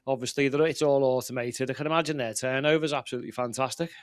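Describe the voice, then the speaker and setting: A man's voice: mid-range voice, fairly even intonation, fast, smooth, no room sound, studio quality. A man co-hosting a casual chat, blunt and grumbling, often trailing off into a mutter. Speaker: podcast co-host.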